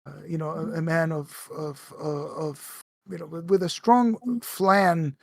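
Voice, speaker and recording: A man narrating as game master in a tabletop game, halting with many fillers and restarts. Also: on the high side, fairly even intonation, vocal fry, no echo, studio quality.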